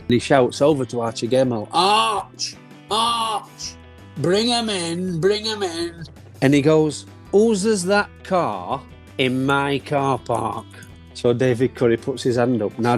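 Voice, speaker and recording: A former footballer tells dressing-room stories in an unhurried, mid-range voice. He delivers them plainly and breaks into brisk, punchy impressions for the quoted shouts. Soft music sits under his voice. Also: mid-range voice. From Barnsley, South Yorkshire, England. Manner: plain storytelling with broad, lively impressions of a loud manager. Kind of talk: anecdote telling.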